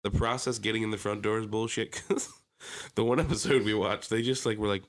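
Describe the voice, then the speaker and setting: A man's voice: lowish voice, steady tone, a little fast. A man with a Philadelphia accent, co-hosting a casual podcast chat, swearing and joking, slipping into mocking impressions. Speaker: podcast co-host.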